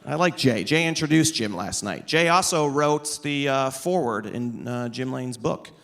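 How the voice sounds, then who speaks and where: A man's voice: medium pitch, moderate pace, vocal fry, fairly bright tone. A man in his thirties doing stand-up on stage into a microphone, sarcastic and teasing the audience. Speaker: comedian. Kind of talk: stand-up comedy. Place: stage before a live audience. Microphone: amplified stage microphone.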